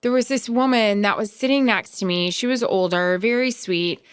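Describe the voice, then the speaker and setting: A woman's voice: mid-range voice, moderate pace, smooth, no room sound. A woman co-hosting a podcast, telling a story in a casual chat and acting out the voices of other people. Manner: animated, acts out other people's lines. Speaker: podcast co-host.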